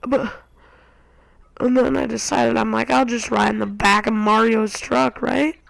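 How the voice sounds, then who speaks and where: A woman giving casual gameplay commentary, excitable and acting out her own reactions. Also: on the high side, unhurried, vocal fry, no room sound, rough recording. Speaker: gamer. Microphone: console share recording.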